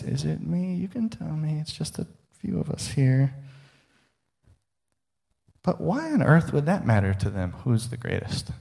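A man delivering a sermon in a relaxed, conversational way, with light humor. His voice sits a touch higher than most men's, and he keeps turning to the congregation with questions. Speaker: pastor.

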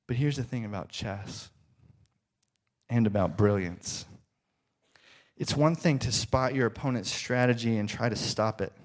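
A male preacher telling a story in a dramatic sermon, often dropping to soft, hushed tones. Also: mid-range voice.

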